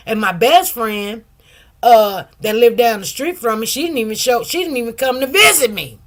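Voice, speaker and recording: A woman's voice: fairly high pitch, expressive, normal speed. A middle-aged woman, telling a personal story in a rambling, casual way, with many asides. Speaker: commentary channel host.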